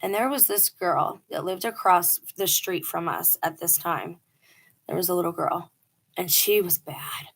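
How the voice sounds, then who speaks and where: A woman's voice: fairly low pitch, a little slow, vocal fry, fairly bright tone. Earnest woman telling her life story. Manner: earnest, emphatic, with quoted dialogue. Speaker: vlogger telling a personal testimony. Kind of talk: casual storytelling monologue.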